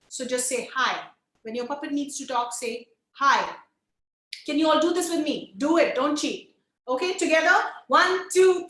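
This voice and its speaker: A woman with a high voice leads an online puppetry workshop, demonstrating as she explains. She coaxes the group to join in and try each step with her. The sound carries a noticeable room echo. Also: fairly bright tone.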